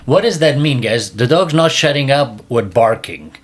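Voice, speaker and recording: A man's voice: expressive, moderate pace, slight background noise. Emphatic man hosting a podcast. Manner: emphatic and repetitive, drops voice low and quiet often. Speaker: podcast host, dog trainer. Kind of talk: casual podcast talk.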